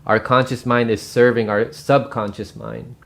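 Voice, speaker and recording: A man's voice: mid-range voice, flat delivery, moderate pace, creaky. A man hosting his own channel, recommending and explaining a book in a loose, casual way with lots of fillers and restarts. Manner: rambling, many fillers and restarts. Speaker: book review host. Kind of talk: casual spoken book review.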